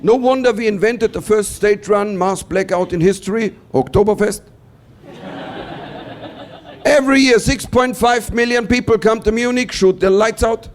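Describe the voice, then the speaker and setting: A German man from Bavaria with a German accent, doing stand-up comedy as an animated storyteller who acts out other people's lines. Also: high-pitched, normal speed.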